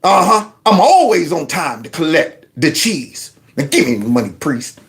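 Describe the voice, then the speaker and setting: A man's voice: fairly high pitch, big pitch swings, moderate pace, fairly bright tone, pitched below the performer's own voice. A man putting on the voice of a swaggering male tax collector who demands money and mocks the people he collects from. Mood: bossy. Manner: bossy, mocking.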